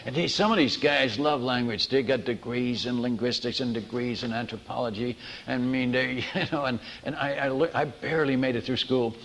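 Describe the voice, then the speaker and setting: A man preaching as a missionary, telling stories in a lively sermon, acting out the people in them and often restarting his sentences. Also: medium pitch, brisk, hardly any pauses, long reverb tail, slight background noise. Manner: animated, acts out dialogue, many restarts. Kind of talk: storytelling sermon.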